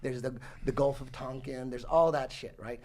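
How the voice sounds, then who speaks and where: A man in his forties telling a long story in casual talk, rambling and animated, swearing often and restarting his sentences. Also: mid-range voice, normal speed. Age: 40s. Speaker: podcast guest telling a story.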